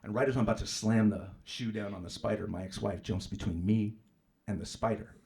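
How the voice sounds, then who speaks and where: A male stand-up comedian doing a profane, brash set on stage, jumping into loud mocking voices for punchlines. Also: on the low side, fairly even intonation, brisk, gravelly. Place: comedy club stage with live audience. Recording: live club recording with audience noise.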